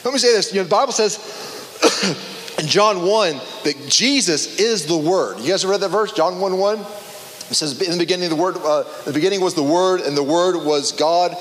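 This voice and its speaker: Brief: male preacher, high voice, loose animated talk full of restarts, in a room with a long echo. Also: moderate pace. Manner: conversational, animated, many restarts and fillers. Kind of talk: casual sermon.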